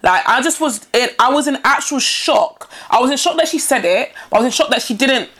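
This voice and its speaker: A podcast co-host with a high-pitched voice tells a story in a casual conversation, speaking a little fast. She animatedly acts out the quotes, playing out what people said.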